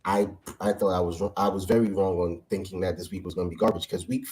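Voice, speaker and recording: A man's voice: deep voice, fairly even intonation, quick pace, a little mellow. A man co-hosting a casual sports talk show, joking as he pushes the show along over a home mic. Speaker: co-host.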